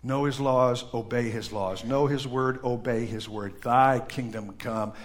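A male pastor preaching to a congregation in a church, swinging from loud emphatic bursts to hushed, quiet passages. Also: medium pitch, measured pace. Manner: animated preaching with sudden loud peaks and hushed drops. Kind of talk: sermon.

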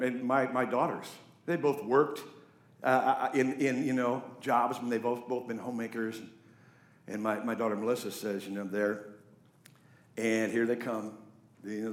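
A man preaching a sermon as pastor, swinging from quiet asides to loud, raised storytelling. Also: lowish voice, reverberant. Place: church sanctuary.

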